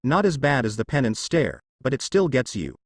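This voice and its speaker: A man's voice: mid-range voice, sing-song, moderate pace, no room sound, studio quality. A man voicing a brash young male ninja who talks bluntly and tough, in a fan story read aloud.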